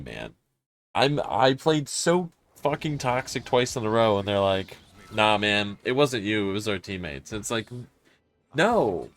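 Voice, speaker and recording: A man streaming a horror game live, talking frankly and swearing as he mulls over a confusing match. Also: fairly high pitch. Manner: frank, swearing, puzzled and self-critical. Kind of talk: casual gameplay commentary.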